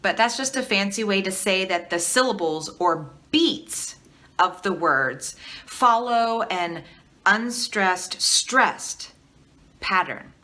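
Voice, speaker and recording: This teaching artist guides viewers through an educational video unhurriedly, encouraging them, posing questions, and leading repeat-after-me exchanges. Her mid-range voice has lively intonation and a sharp edge.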